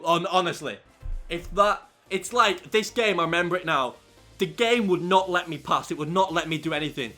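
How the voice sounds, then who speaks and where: A man commentating his own football video game, out of breath, shouting at big moments and chatting fast in between. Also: sits high, soft background music. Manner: shouts excitedly over goals, then talks fast and loose. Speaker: gaming YouTuber. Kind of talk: excited gameplay commentary.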